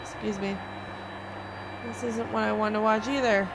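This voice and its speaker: A woman's voice: medium pitch, fairly even intonation, normal speed. A young woman streamer venting to her viewers in a rambling, swearing rant. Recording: noisy background.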